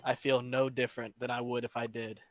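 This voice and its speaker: A man's voice: medium pitch, little pitch movement, brisk. A young man, a rapper guest, chatting casually and jokingly on a podcast call.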